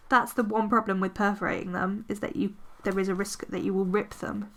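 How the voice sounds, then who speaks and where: Brisk and barely pausing, this woman speaks in a steady, medium-pitched voice with a fairly bright tone. She's a planner vlogger giving casual crafting narration, rambling with fillers and teasing herself as she decorates her planner.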